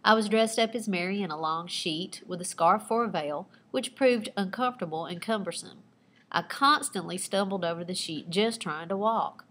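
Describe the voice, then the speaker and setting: A woman teacher reading aloud her own personal narrative with lively expression, pausing to point out the writing techniques she used. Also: medium pitch, slight background noise. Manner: expressive storytelling with asides pointing out figurative language.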